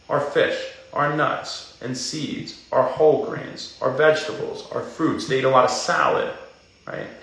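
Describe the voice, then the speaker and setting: A man, hosting a casual wellness livestream, greeting viewers by name and giving fast, upbeat health tips. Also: mid-range voice, creaky, a bit bright. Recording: echoey room.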